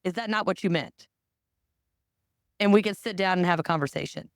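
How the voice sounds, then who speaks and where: A woman's voice: lowish voice, a little fast, creaky, no echo, clean studio sound. A woman hosting a podcast, chatting casually in a blunt, candid way and swearing freely. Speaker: podcast host. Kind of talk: casual chat.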